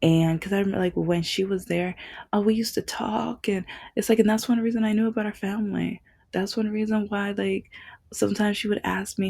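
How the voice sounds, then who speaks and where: A woman's voice: medium pitch, steady tone, a little fast, vocal fry, darkish tone. A woman vlogging in a casual, rambling monologue full of fillers and restarts.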